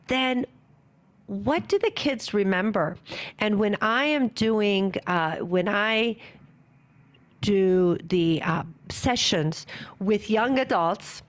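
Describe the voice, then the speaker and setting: A middle-aged woman giving an earnest, animated conference talk on parenting, acting out parents and children as she goes. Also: mid-range voice. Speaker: parenting speaker.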